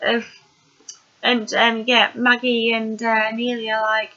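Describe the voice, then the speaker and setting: A woman's voice: fairly high pitch, monotone, measured pace, bright, forceful tone, highs cut off. A woman casually recapping a TV episode, chatty and rambling with plenty of fillers.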